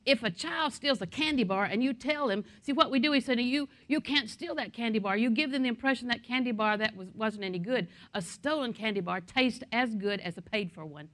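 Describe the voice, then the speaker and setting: A woman's voice: fairly high pitch, fairly quick, hardly any pauses, a bit bright. A middle-aged woman pastor preaching a sermon in a conversational way, with asides and anecdotes.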